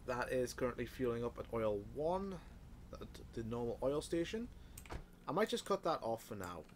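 Muttering to himself between hiccups, a let's play host swears his way through a factory-building game in casual commentary. His medium-pitched voice is sing-song and a little mellow, at normal speed, with a slight hiss or hum behind it.

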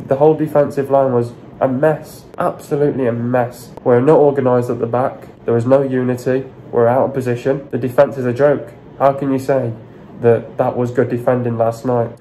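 A man rants through a football breakdown in a mellow, low-toned voice that barely rises or falls. He is blunt and sweary, hammering the same complaints again and again. A faint hiss sits under the recording. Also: level tone, moderate pace, rough recording. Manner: frustrated, repetitive, blunt and sweary. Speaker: football fan vlogger. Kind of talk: ranting match analysis vlog.

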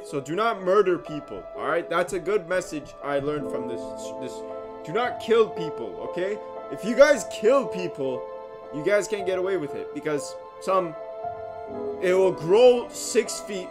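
A man giving casual reaction commentary on horror shorts, jumpy and slangy, yelping and swearing when startled. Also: on the high side.

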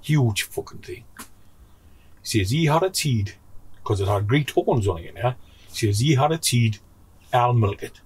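A man's voice: mid-range voice, lively intonation, measured pace, pauses often, a little mellow, husky. A man with a Geordie accent chatting and swearing among friends in a pigeon loft, egging the storyteller on. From North East England. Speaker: pigeon fancier chiming in. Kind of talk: casual chat among friends.

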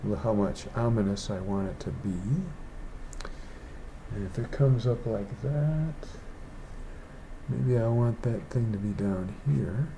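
Digital artist, male, mellow tone; meandering, talks to himself while working. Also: on the low side, slow, vocal fry, pauses often, a little hiss or hum. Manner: rambling, thinks aloud. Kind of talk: casual painting tutorial. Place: indoors, rain outside.

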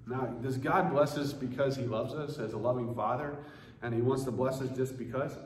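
A man's voice: medium pitch, brisk, a little mellow. A man preaching a sermon as pastor, in an earnest, conversational way. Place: church sanctuary. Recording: echoey church room with faint noise.

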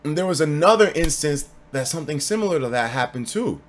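Animated young man streaming, swinging loud. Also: fast. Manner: animated, swings from low mutters to loud bursts; swears freely. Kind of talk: casual storytelling on a livestream.

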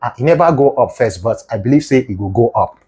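A man's voice: medium pitch, lively intonation, fast, warm tone. A man with a Nigerian Pidgin accent telling a comedic story in a playful, mock-lecturing manner. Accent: Nigerian Pidgin English. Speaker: comedic video creator.

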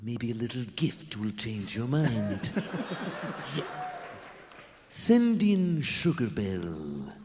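A sly old tycoon in a roomy hall. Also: male voice, mid-range voice, big pitch swings, takes it slowly, pauses often, background noise. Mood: scheming. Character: scheming rich old male tycoon. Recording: roomy reverb.

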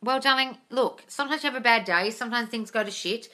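A woman's voice: on the high side, fast, sharp tone. A woman with a non-native English accent, coaching manifestation in a casual live-stream Q&A, blunt and sweary, calling viewers darling, speaking from a large open room, slightly congested from the cold. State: runny nose from the cold. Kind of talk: casual live-stream Q&A, reading comments aloud. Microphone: phone livestream.

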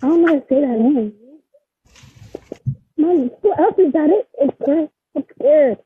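A giggly woman with a high voice calls into a live stream and reads out chat comments in a scattered way. The call comes through a thin, phone-like line. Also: lively intonation, a little slow. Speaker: livestream guest. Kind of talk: casual livestream chat. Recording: tinny phone-line sound.

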